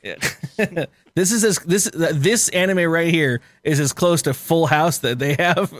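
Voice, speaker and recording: A man's voice: on the high side, measured pace, dry recording. A man co-hosting a casual podcast chat, swearing freely, laughing often and rambling. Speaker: podcast co-host.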